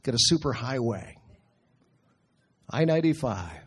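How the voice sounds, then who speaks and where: Husky middle-aged guy giving a sermon, chatty and earnest, slows way down for bible verses. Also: mid-range voice, animated. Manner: earnest, conversational, quotes scripture slowly. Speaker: preacher.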